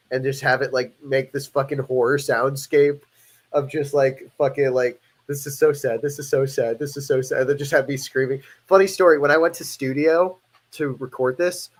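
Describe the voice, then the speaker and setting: Loose, profane male streamer. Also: mid-range voice. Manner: loose, rambling and profane, with frequent restarts. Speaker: host and musician. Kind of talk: casual chat on a livestream.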